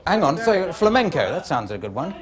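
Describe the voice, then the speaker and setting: A man's voice: on the high side, very animated, brisk, very noisy. A man hosting an improv comedy show, giggly and flustered as he ad-libs, recorded on a live stage with a studio audience. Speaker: game show host.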